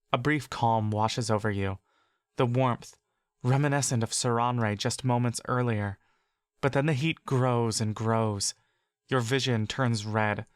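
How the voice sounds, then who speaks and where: A man narrating a fantasy audio story in the second person, with slow, measured intensity. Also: medium pitch, dry recording, clean studio sound.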